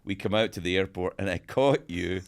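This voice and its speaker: A man with a Scottish accent, a guest in a casual podcast chat, telling stories in an animated, joking and indignant way. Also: sits low, fairly quick. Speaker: guest comedian.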